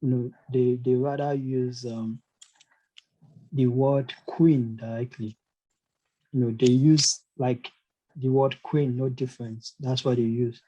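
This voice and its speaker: A man's voice: medium pitch, steady tone, takes it slowly, mellow, rough recording. A man teaching a casual online language lesson, hesitant, with many fillers and restarts. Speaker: German teacher.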